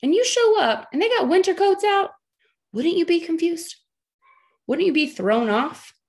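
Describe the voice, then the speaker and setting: A woman's voice: very high-pitched, animated, unhurried. A woman in her thirties coaching her team on a video call, chatty and joking, with frequent emphatic "okay?" check-ins. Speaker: team leader training her sales team. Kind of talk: training talk on a video call.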